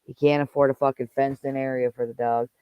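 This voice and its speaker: A man's voice: medium pitch, little pitch movement, fast talker, smooth, no room sound, highs cut off. A man hosting a casual livestream, ranting angrily and swearing heavily as he vents about someone. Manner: angry, profane, heated rant. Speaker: livestream host.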